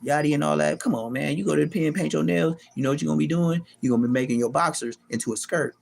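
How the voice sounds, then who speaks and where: A middle-aged man delivering a profane, taunting callout rant to the camera, animated and mocking. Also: fast talker, gravelly, slight background noise. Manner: animated, profane, taunting, pitch leaping high in mocking bursts. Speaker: street vlogger.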